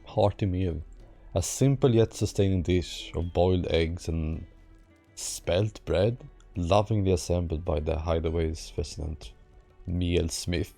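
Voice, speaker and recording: A man with a very low, gravelly voice riffs on a game as he streams it. His tone is dark and sarcastic, full of swearing and mockery of the writing. Faint game music plays behind him. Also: a little slow. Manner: sarcastic, swearing, hums and mocks the dialogue. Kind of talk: casual let's-play commentary.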